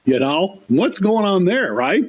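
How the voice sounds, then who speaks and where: A man co-hosting a comedy podcast, talking in animated, rambling, mock-indignant rants. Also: high-pitched, slow.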